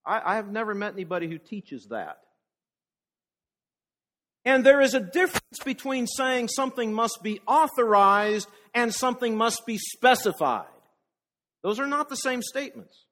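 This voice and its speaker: A man's voice: sits high, a bit bright. A man preaching a conversational sermon, asking the congregation rhetorical questions and often repeating words as he restarts.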